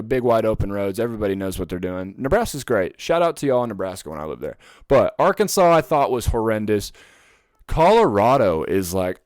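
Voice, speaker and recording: Swearing, ranting young man, smooth voice. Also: fairly high pitch, no room sound. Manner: ranting, profane, animated storytelling. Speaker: podcast host. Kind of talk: casual chat.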